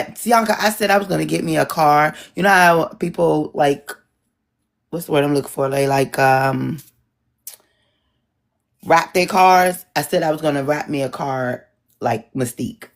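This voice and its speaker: A middle-aged woman moderating an online town hall, chatting casually with a husky voice and joking asides. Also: low voice. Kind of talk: casual chat to an audience.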